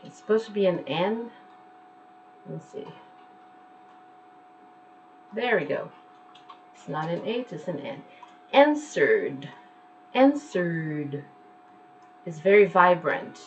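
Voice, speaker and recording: Slow, patient woman teaching pronunciation. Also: on the low side, lively intonation, a little hiss or hum, low-quality recording. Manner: slow, patient, repeats words to demonstrate sounds. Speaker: English teacher. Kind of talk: online pronunciation lesson. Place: at home.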